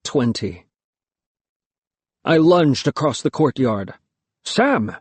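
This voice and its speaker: A man reading a first-person novel aloud in a lyrical, measured storytelling manner. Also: mid-range voice, darkish tone, no room sound. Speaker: audiobook narrator. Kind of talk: first-person audiobook narration.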